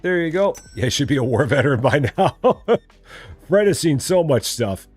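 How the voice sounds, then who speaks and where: A man's voice: mid-range voice, big pitch swings, measured pace, a little mellow, husky, dry recording, soft background music. A man streaming a game live, chatting and joking with his viewers. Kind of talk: casual live gameplay commentary.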